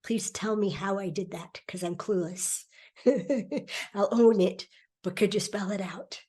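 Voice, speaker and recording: A middle-aged woman speaking as a podcast guest in a relaxed conversation, animated and laughing often as she acts out quoted voices. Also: medium pitch, a little slow. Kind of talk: conversational interview.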